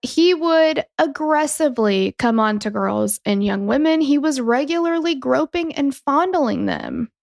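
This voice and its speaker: A woman's voice: high voice, expressive, unhurried, gravelly, hardly any pauses, no echo, clean studio sound. A woman co-hosting a true-crime podcast, chatting casually with lots of fillers and some swearing. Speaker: podcast co-host.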